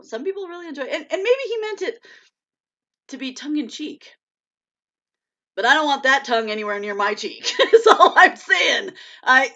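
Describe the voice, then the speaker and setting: A woman's voice: a little high, sharp tone. A woman author hosting a casual live stream, chatting and laughing often as she reads viewer comments aloud. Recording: dull lo-fi stream audio.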